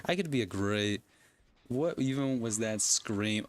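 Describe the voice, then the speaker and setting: A man's voice: mid-range voice, a little slow, dry recording. A young man streaming a game, rambling and joking to himself and to his opponent. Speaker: gaming streamer. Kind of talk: casual livestream commentary.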